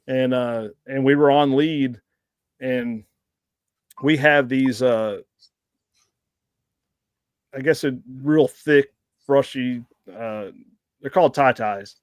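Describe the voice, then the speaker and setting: A man's voice: medium pitch, fairly even intonation, slow, pauses often, clear, resonant tone, dry recording, studio quality. A man casually telling rambling hunting-dog stories on a podcast, laughing now and then. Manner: rambling anecdotes with frequent laughs. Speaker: blood tracker guest.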